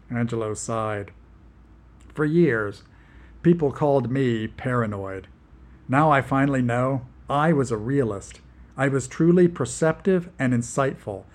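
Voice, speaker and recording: A man reads as a middle-aged intellectual, earnest and dogged. The voice stays close to the reader's own, middle in pitch, in a storybook reading. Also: natural voice. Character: middle-aged man, brooding self-important thinker.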